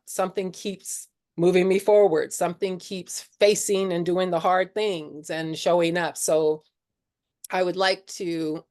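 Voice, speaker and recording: A woman's voice: on the low side, darkish tone. A middle-aged woman leading a spiritual discussion group, sharing her own story in an earnest, conversational way with many "you know"s. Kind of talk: candid personal sharing talk.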